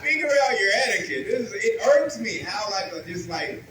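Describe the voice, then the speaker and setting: A man performing a stand-up comedy set, talking in a brash, crude and animated way and building rhythmic lists. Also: high-pitched, normal speed, slight background noise. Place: comedy club with a live audience. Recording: roomy club with crowd laughter.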